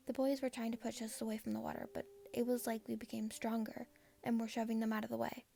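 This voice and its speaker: A woman's voice: on the high side, flat delivery, quick pace, vocal fry, mellow. A woman casually reading her own first-person fan fiction aloud. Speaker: fanfiction reader.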